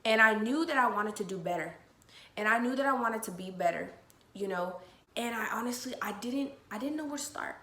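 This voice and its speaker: Candid young woman, bright echoey voice. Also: on the high side, animated, a little fast. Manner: candid, emotional, swears freely. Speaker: podcast host. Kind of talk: personal storytelling to listeners. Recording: echoey room with faint noise.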